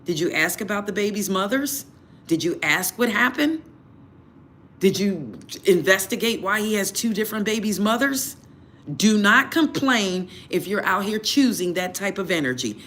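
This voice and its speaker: A man's voice: sits high, fairly bright tone, a little hiss or hum. A man giving blunt dating advice during a live tarot reading. He repeats his points and asks many rhetorical questions. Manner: emphatic, repeats phrases, fires rhetorical questions. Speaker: tarot reader.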